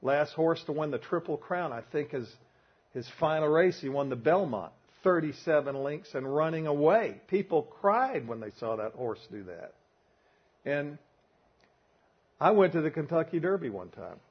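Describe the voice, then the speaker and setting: A man's voice: on the high side, animated, normal speed, slightly rough. An older man with a Southern US accent teaching a men's Bible study, preaching with emphatic, folksy storytelling. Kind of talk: sermon. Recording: dull lo-fi recording.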